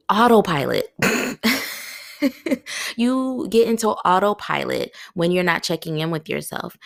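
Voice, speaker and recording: Woman podcast host, low gravelly voice, chatty and candid, dry close sound. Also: dry recording. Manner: chatty, candid, addresses listeners as y'all. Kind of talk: casual solo podcast talk.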